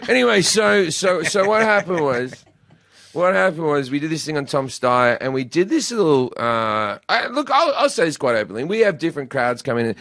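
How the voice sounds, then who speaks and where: A man's voice: fairly high pitch, big pitch swings, moderate pace, a bit bright, dry recording, studio quality. A man with an Australian accent, a comedy show host chatting casually and telling stories, swearing freely. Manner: crude joking storyteller, swears freely. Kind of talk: casual podcast chat.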